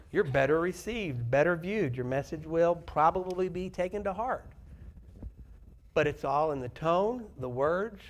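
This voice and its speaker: A man preaching a sermon to a church congregation, conversational and often asking the listeners questions. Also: fairly high pitch. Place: church sanctuary.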